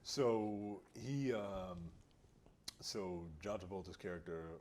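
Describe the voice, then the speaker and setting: A man's voice: lowish voice, slow, a little mellow, a little hiss or hum. A man co-hosting a film podcast, recapping the plot in casual storytelling and acting out characters' lines.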